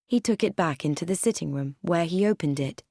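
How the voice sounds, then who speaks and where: A woman narrating an audiobook with expressive, varied storytelling. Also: on the low side, brisk, no room sound, clean studio sound.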